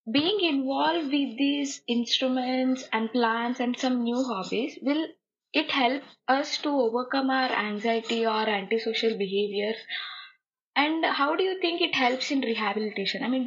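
A woman student asks the speaker a question in a polite, measured way. Her voice is fairly high with a gravelly edge, and the sound is muffled and lo-fi. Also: slight background noise. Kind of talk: formal audience question.

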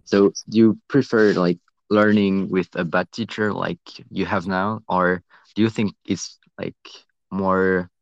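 A man in casual chat, speaking hesitantly with many pauses and restarts. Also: deep voice, steady tone, no echo, muffled recording.

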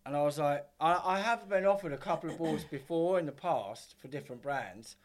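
A man's voice: fairly high pitch, brisk. A man, a podcast guest telling rambling stories in casual chat, swearing and acting out what others said. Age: 50s. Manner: rambling, swears, acts out quotes.

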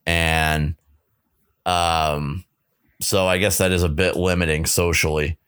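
A man co-hosting a podcast in casual chat, halting with many restarts and self-deprecating asides. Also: deep voice, flat delivery, fairly bright tone, clean tone, dry recording, studio quality. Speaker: podcast co-host.

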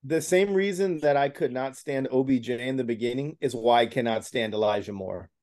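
Mid-pitched guy giving his football takes, earnest, keeps repeating words as he restarts. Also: brisk, darkish tone. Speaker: podcast co-host. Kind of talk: casual sports chat.

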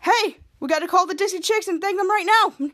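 A woman's voice: very high-pitched, brisk, a bit bright, voice pushed up. A woman reading the lines of a skeptical teenage boy sidekick, with a slight lift in her voice.

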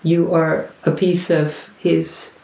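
A woman's voice: sits low, slow, vocal fry, echoey room. A woman guest telling personal stories in conversation, acting out the voices of people she quotes. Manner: animated, acts out quoted voices. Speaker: interview guest.

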